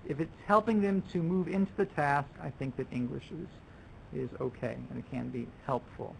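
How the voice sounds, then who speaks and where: Fairly high-pitched with vocal fry, a man speaks at normal speed and fairly even intonation, captured in poor audio with slight hiss or hum. Running a language teachers' workshop in a lecture room, he chats loosely, restarting often and performing student and teacher quotes.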